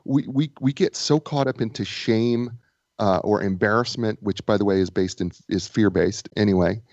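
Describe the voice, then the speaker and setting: A man speaking as a guest author and business coach, telling stories in a lively way with frequent restarts. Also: fairly low pitch, normal speed, no echo, muffled recording. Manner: animated storyteller, stammering restarts. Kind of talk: casual interview chat.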